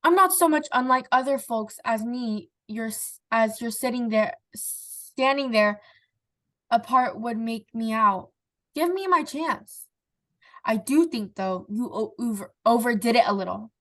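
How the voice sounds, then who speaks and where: A woman's voice: on the high side, expressive, unhurried, a bit bright. A woman reading the lines of a frustrated husband who pleads with his grieving wife, in an earnest recitation. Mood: pleading.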